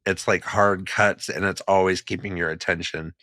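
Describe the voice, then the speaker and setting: A man's voice: deep voice, fairly even intonation, moderate pace, bright, forceful tone, no echo, studio quality. A young man co-hosting a podcast in casual chat, swearing freely and laughing often. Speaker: podcast co-host.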